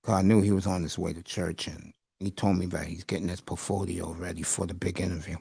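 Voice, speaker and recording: Lowish-voiced guy rambling on his live stream, dry close sound, keeps saying bro. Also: little pitch movement, brisk, creaky, dark tone, slightly rough, no echo. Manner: rambling, emotional, calls listeners bro and folks. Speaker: livestream host. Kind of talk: casual livestream chat.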